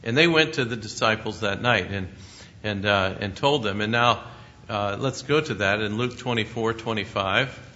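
A man's voice: normal speed, pushed and bright. A man preaching a sermon, paraphrasing scripture in a conversational teaching manner with asides to listeners. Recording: dull lo-fi sound with faint rumble.

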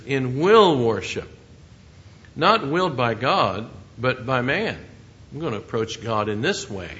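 A man's voice: medium pitch, fairly bright tone, lo-fi sound, slight background noise. A man preaching a sermon in an earnest, conversational way, often asking his listeners questions.

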